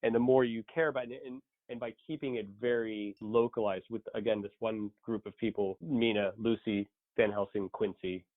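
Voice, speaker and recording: A man with a lowish voice rambles through his point with many halting restarts. He comes through a thin, phone-like line. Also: steady tone. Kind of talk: casual chat.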